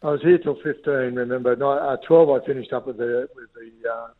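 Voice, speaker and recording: A man's voice: mid-range voice, a little fast. Older Australian man on a phone line. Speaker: rugby league football director, guest. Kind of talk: phone interview.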